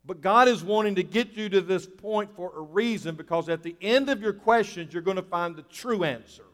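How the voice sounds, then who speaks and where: Male pastor, earnest sermon delivery, slightly high voice, echoey church sound. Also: moderate pace, a bit bright. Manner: earnest, repeats key phrases.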